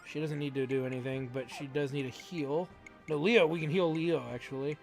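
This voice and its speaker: A woman's voice: low-pitched, steady tone, brisk. A woman giving casual, wry gameplay commentary as a let's play host. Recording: faint game music behind.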